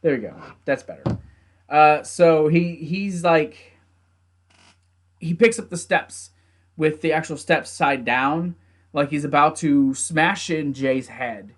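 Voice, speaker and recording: A young man casually recapping a wrestling event, animated, laughing often and acting out the wrestlers' lines. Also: a little high, slow. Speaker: wrestling show reviewer. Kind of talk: casual recap with acted quotes.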